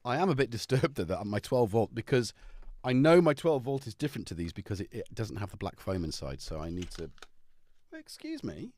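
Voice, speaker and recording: A man's voice: on the low side, brisk, slight background noise. A man hosting a casual live stream about synths, rambling and breaking off mid-thought. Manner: rambling, self-interrupting, animated.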